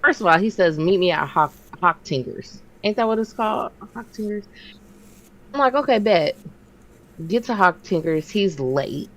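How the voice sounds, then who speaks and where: A woman in her thirties co-hosting a podcast, telling a story in casual chat and jumping her pitch to act out what others said. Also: moderate pace, poor audio. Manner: animated, acts out quotes with big pitch jumps. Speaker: podcast co-host.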